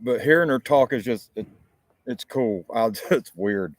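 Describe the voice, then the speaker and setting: A man's voice: mid-range voice, unhurried, dry recording, clean studio sound. A man with a Southern American accent hosting a rambling, casual live talk show, chatting informally with frequent restarts. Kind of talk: casual live-stream chat. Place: outdoors, chilly.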